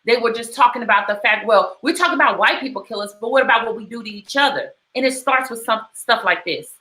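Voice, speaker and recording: A woman's voice: fairly high pitch, fast, pushed and bright, reverberant, low-quality recording. A middle-aged woman hosting a talk, speaking with passion and retelling a story in repeated, emphatic phrases. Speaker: host. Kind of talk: personal commentary talk.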